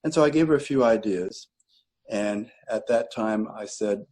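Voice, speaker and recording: A man's voice: fairly low pitch, unhurried, a little mellow, faint music behind, rough recording. An older man, a retired choral director, telling long rambling anecdotes in an interview, correcting himself as he goes. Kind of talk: relaxed interview storytelling.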